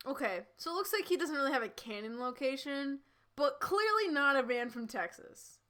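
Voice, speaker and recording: A woman's voice: sits high, lively intonation, normal speed, fairly bright tone. A young woman streaming, reading fanfiction aloud and breaking off into chatty, laughing asides. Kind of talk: casual live-stream reading and commentary.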